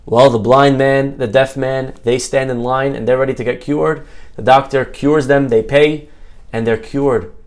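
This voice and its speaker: A rabbi giving a Torah talk, telling a parable as an animated, jokey storyteller. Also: male voice, medium pitch, measured pace.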